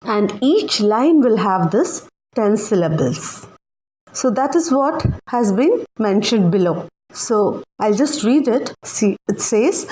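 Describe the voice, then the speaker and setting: A young woman teaches a literature lesson for exam students, speaking slowly and deliberately. Her voice is close to the mic, at a medium pitch. A faint room ambience sits underneath. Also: very animated, dark tone, a little hiss or hum, poor audio. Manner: slow, careful explaining.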